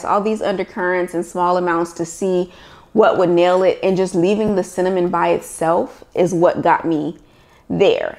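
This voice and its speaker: Gravelly-voiced woman from Los Angeles. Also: on the low side. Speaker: recipe developer. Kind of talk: casual storytelling interview.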